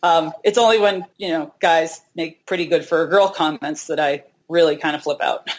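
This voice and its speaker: A middle-aged woman guest in a casual interview, telling lively stories about hiking and acting out what people said. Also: sits low, moderate pace. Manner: animated, acts out quoted dialogue.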